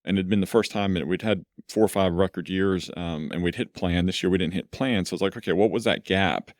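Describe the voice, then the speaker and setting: Man, middle-aged, very deep voice, rambling storyteller, podcast guest, dry close sound. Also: fairly quick, dry recording. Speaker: law firm CEO, podcast guest. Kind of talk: conversational interview.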